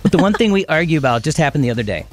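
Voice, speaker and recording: A middle-aged man, hosting a casual radio chat and telling a story with animated back-and-forth voices. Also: on the high side, racing, faint music behind. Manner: animated storytelling, acting out both sides of an argument. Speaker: radio host.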